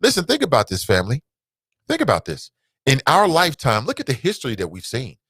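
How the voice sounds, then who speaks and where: A man hosts a casual call-in talk show with a bright, forceful voice. His pitch swings widely as he mocks and laughs, swearing freely. The sound is dry and close to the mic. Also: fast, slightly rough, no room sound. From United States. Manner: animated, mocking, laughs often, swears, reads quotes aloud.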